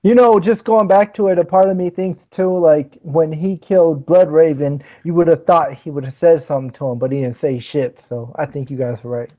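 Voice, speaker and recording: A man guesting on a casual live podcast chat, excitable and earnest, laughing easily. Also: on the high side, moderate pace, few pauses, dull audio.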